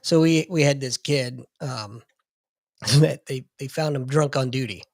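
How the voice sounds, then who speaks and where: A man's voice: mid-range voice, a little slow, a little mellow, no room sound, clean studio sound. A man co-hosting a podcast, a military veteran telling a war story bluntly, cursing and laughing. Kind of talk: casual storytelling chat.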